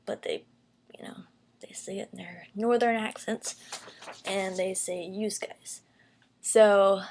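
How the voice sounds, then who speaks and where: A young woman from the Southern United States with a Southern American accent, explaining things casually and slowly in a rambling vlog full of fillers. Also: mid-range voice. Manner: rambling, many fillers and restarts; speaks slowly for a learner.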